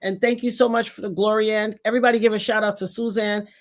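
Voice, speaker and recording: A woman from New York with a New York accent, hosting a casual live stream, effusive and openly religious, giving shout-outs to guests. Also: mid-range voice, steady tone, quick pace. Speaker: livestream host.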